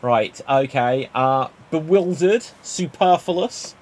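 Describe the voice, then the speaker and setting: A man's voice: fairly high pitch, expressive, slow, darkish tone. A man hosting a live-streamed improv comedy show, playful and jokey, talking into a webcam mic on a video call. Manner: upbeat, playful, jokey banter.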